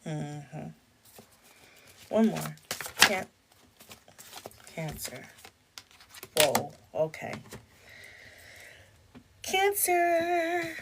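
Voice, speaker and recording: A woman giving a tarot reading for a zodiac sign, animated, breaking into sung snippets and laughter. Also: mid-range voice, slow pace, very noisy. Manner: animated, sings and chants snippets, laughs often. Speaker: tarot reader.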